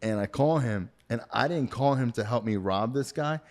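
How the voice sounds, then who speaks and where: A man appearing as a podcast guest tells a story in casual conversation, swearing freely, using slang and acting out what other people said. His voice sits at a medium pitch and he talks at a normal speed. He gets loud and excited as he retells the chase.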